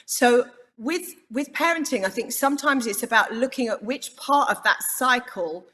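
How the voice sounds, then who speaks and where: A woman on a parenting panel, explaining her ideas in a measured way. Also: a little high, sharp tone, in a large hall, a little hiss or hum. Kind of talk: panel discussion.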